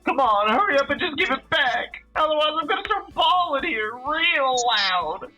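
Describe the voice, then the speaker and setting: A man reading a visual novel aloud, voicing a whiny, excitable middle-aged man who pleads on the edge of tears. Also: moderate pace, soft background music, heavily acted. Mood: whining. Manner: high-pitched, pleading, near tears.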